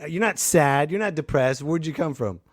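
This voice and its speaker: A man hosting a podcast, teasing his guest and doing booming announcer-style introductions. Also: expressive, moderate pace. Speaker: podcast host. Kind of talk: casual podcast chat with hype-man intros.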